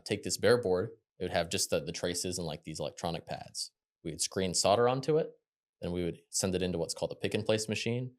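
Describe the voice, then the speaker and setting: A young man with a deep, low-pitched voice talks at a brisk clip. He tells stories from his working life as an interview guest, loose and chatty, and his voice comes alive when he acts out what others said. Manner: quick, chatty, animated when quoting others. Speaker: podcast guest. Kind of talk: casual interview storytelling.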